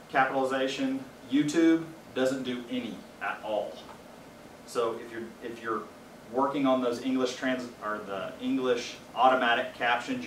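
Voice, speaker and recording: A man's voice: mid-range voice, a little hiss or hum. A man giving a casual training presentation to a small group, explaining things plainly with wry asides. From Louisiana. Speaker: faculty trainer. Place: training room with a small audience. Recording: roomy echo, distant mic, faint ambience.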